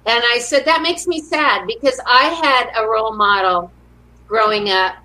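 A woman's voice: on the high side, moderate pace, sharp tone, low-quality recording. A middle-aged woman, a motivational speaker, chatting in an interview and telling upbeat stories with quoted lines acted out. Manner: upbeat storyteller who acts out quotes. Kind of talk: casual interview conversation.

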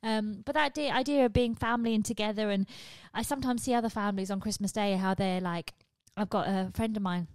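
Woman podcaster rattling on quick, swears a lot, laughs at herself, dead dry close mic. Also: medium pitch, fairly even intonation, no room sound. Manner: frank, sweary, self-mocking. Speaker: podcast host. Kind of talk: comic confessional storytelling.

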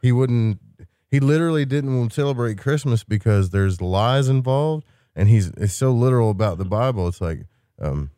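A man's voice: medium pitch, animated, normal speed, warm tone, no room sound, clean studio sound. A man hosting a late-night open-lines radio show, telling rambling stories in a loose, casual way. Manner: rambling, loose storytelling with fillers.

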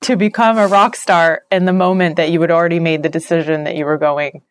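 Low-voiced woman hosting an interview. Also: fairly even intonation, brisk. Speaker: host. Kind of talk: casual interview.

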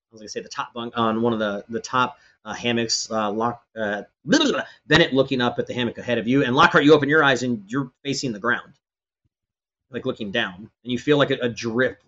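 A man's voice: mid-range voice, a bit bright. Rambling man running a tabletop game. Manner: loose, rambling narration with many fillers and restarts. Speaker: game master. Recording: slightly dull lo-fi stream audio.

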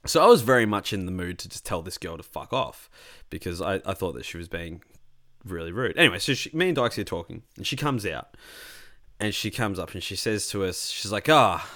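A young Australian man chats casually, telling a long rambling story with plenty of swearing. His voice sits a bit low but swings around a lot in pitch. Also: brisk. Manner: rambling, animated, swears freely. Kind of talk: casual chat.

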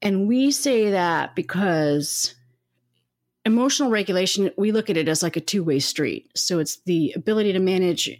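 Woman with a lower voice, expert guest on a podcast, clear explainer tone. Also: lively intonation, normal speed, darkish tone. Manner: clear, explanatory, checks in with "right?". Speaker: podcast guest, educational psychologist. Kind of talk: explaining in an interview.

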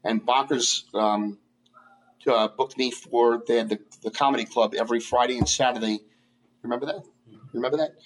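A man with a husky, slightly breathy voice recounts a club gig in a casual interview. He talks haltingly, with many fillers and restarts, at an ordinary middle pitch. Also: fairly even intonation, rough recording. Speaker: guest comedian.

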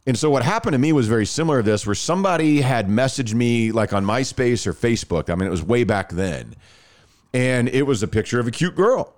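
A man's voice: mid-range voice, fairly quick. A man in his thirties casually telling a personal story on a podcast, acting out the dialogue. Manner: animated, acts out quoted dialogue.

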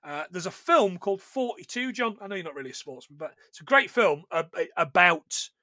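A man hosting a casual podcast chat, joking, swearing and putting on quick voices for the characters he retells. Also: high voice, expressive, pushed and bright, no room sound. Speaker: podcast host.

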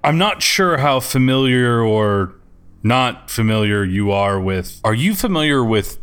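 A man's voice: medium pitch, lively intonation, unhurried, a bit bright, smooth. A man playing a tabletop game, speaking hesitantly and thinking aloud. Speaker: player. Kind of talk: casual tabletop game play.

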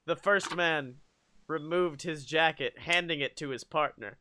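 A man's voice: fairly high pitch, measured pace, background noise. A young man co-hosting a comedy podcast, reading fan fiction aloud and breaking off to laugh and joke. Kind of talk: comedic dramatic reading with put-on voices.

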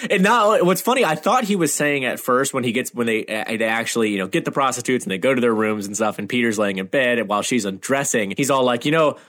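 A man talks through a film on a casual podcast, chatty and enthusiastic and given to rambling asides. His voice sits at an ordinary middle pitch. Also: quick pace, few pauses, a bit bright. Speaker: podcast co-host.

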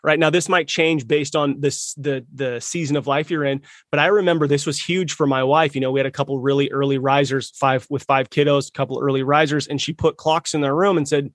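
A man hosting a podcast in casual interview talk, upbeat and quick to affirm his guest. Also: fairly high pitch, steady tone, no room sound, clean studio sound. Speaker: podcast host.

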